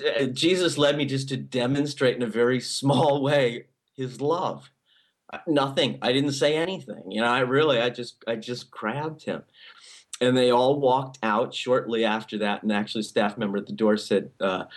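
A man's voice: medium pitch, moderate pace. A male pastor giving a sermon in a conversational style, with many restarts and frequent "okay?" check-ins to the congregation.

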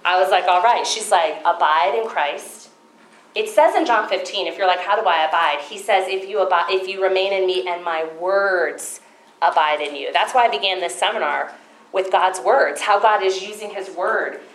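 A woman giving a Christian seminar talk at a conference. She tells stories in an animated way and acts out her own past thoughts. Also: fairly low pitch, normal speed, reverberant, poor audio. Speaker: conference speaker.

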